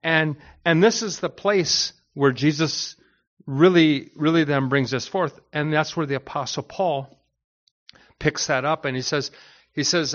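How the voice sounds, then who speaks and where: A man's voice: fairly high pitch, a little slow, muffled recording. A man teaching a Bible study as a pastor, talking in a conversational way with frequent restarts and repeated words.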